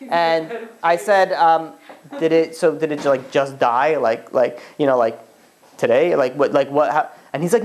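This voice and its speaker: A man's voice: fairly high pitch, moderate pace, slight background noise. A man teaches a casual Torah class as a rabbi. His delivery rambles through asides and "you know"s. He acts out little exchanges as he goes. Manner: rambling and animated, full of asides and acted-out dialogue. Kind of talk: informal Torah class lecture.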